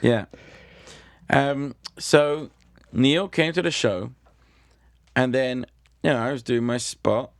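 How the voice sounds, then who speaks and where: British male comedian guest, gravelly voice, dry close sound, deadpan storyteller. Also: medium pitch, slow, no echo. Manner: dry, self-deprecating storyteller. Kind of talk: casual anecdote telling.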